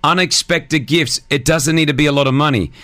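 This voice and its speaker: A man's voice: on the high side, steady tone, brisk, pushed and bright, no room sound. A man hosting a casual call-in radio chat, talking loosely with lots of fillers. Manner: chatty, loose, filler-heavy. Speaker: radio host.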